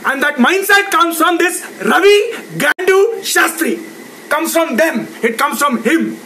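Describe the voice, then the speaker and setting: A man with an Indian English accent, ranting angrily to camera, shouting, swearing and repeating himself with sarcastic jabs. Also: very high-pitched, lively intonation, measured pace, poor audio. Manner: mocking sarcastic drops. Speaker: ranting cricket fan. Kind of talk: angry rant to camera.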